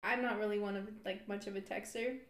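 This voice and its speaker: A woman's voice: mid-range voice, fairly even intonation, fast talker. A woman in her thirties hosting a podcast, telling a story in casual chat, acting out quotes and laughing often. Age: 30s. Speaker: podcast host. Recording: roomy echo.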